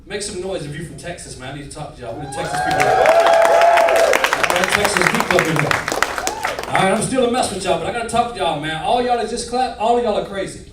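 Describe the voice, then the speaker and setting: A man doing a stand-up comedy set in a nightclub, animated and working the crowd. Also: high voice, fast, very noisy. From northern United States. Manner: animated, switching voices, crowd work. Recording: roomy club from far, crowd.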